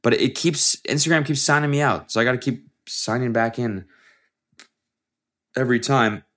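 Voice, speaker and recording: A man's voice: medium pitch, normal speed, fairly bright tone. A man hosting a solo podcast, talking in a rambling, profane, self-interrupting way, often breaking off mid-sentence. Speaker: podcast host and aspiring comedian. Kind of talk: casual solo podcast monologue.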